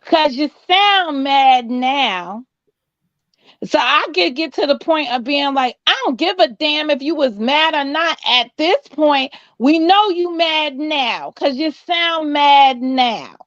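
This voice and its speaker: A woman with a high voice talks slowly and deliberately on a panel, asking pointed questions. The sound is dry and slightly dull. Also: animated, fairly bright tone, no room sound. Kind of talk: slow deliberate panel talk.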